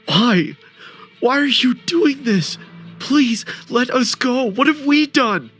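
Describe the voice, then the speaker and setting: A man's voice: extremely high pitch, animated, slow pace, a bit bright, soft background music, pitched above the performer's own voice, heavily acted. A man voicing a terrified young woman held captive, frantically pleading and screaming in a horror story.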